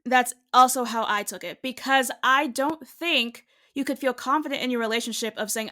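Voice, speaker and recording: Woman, podcast co-host, casual chat, bright, fairly high voice, talkative. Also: normal speed, few pauses. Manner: talkative, musing, poses long questions.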